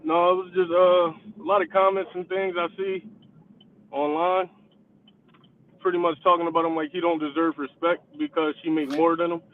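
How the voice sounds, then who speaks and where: A man calling in to a live stream, speaking hesitantly with many pauses and restarts. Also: a little high, level tone. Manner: hesitant, halting. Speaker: caller. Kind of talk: casual call-in chat. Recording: tinny phone-like call audio.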